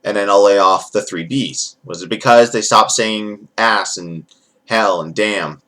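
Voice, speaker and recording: A man's voice: fairly low pitch, a little slow, fairly bright tone. A man giving a rambling, profane, jokey recap as a casual wrestling event reviewer.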